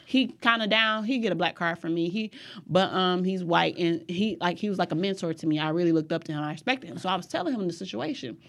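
A young adult woman on a podcast, chatting casually and telling an animated story, swearing freely. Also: lowish voice, quick pace, creaky. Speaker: podcast guest.

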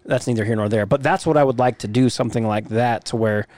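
A man chatting on a podcast, relaxed and rambling, with the occasional swear. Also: medium pitch, fast, no echo. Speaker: podcast host. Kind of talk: casual podcast chat.

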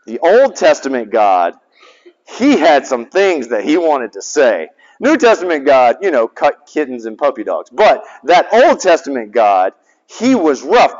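A man in his forties, a chaplain giving a sermon, telling a story with big swings between loud and soft. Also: mid-range voice, very animated, measured pace. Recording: dull sound with long hall reverb.

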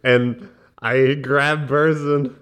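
A man's voice: medium pitch, flat delivery, drawn-out words, fairly bright tone, smooth. A man playing a tabletop game, talking in a casual, blunt way. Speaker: player.

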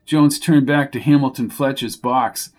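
A man reading a mystery story aloud as its narrator, with steady storytelling. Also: mid-range voice, measured pace. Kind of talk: audiobook narration.

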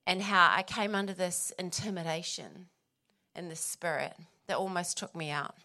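A woman's voice: lowish voice, normal speed, sharp tone. A woman, a pastor's wife sharing her personal testimony, emotional at times and laughing between phrases.

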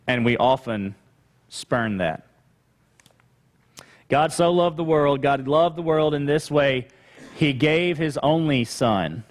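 A pastor preaching a sermon conversationally, with rhetorical questions and asides to the congregation. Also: male voice, medium pitch, takes it slowly, long pauses. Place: church sanctuary. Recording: long hall reverb.

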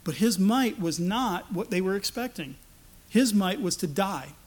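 A man delivers a sermon in a notably high voice. He preaches with animation, slipping into the voices of the people he quotes. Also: animated, unhurried.

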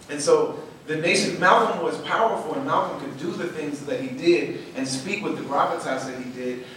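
Male storyteller, emphatic and animated, slightly raised pitch, distant mic with heavy room echo and faint noise. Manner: animated, emphatic, repeats words for stress. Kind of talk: passionate storytelling talk.

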